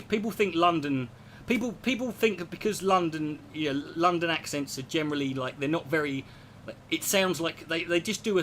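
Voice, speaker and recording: A man hosting a podcast, telling stories in a rambling, profane and animated comic monologue. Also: on the high side, a little hiss or hum. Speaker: podcast host.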